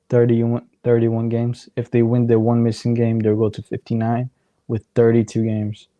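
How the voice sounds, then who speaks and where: A man talks through a soccer match on a casual watchalong stream, his voice going hoarse. He speaks slowly and unhurriedly in a mellow, dark tone, rambling as he tallies up points and games aloud. The sound is dry and close, with no room echo. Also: mid-range voice. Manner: rambling, chatty, counts out standings aloud. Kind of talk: casual live match commentary.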